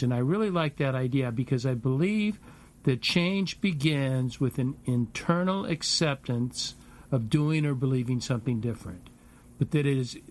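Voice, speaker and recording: A middle-aged man hosting a talk radio show, speaking in a halting way and repeating words as he thinks. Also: mid-range voice. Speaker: host.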